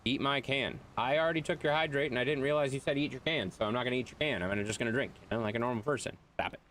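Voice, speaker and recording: A man's voice: mid-range voice, rapid-fire, fairly bright tone, a little hiss or hum. A young man streaming a game, ranting bluntly and profanely to his chat. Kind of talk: casual live-stream chat while gaming.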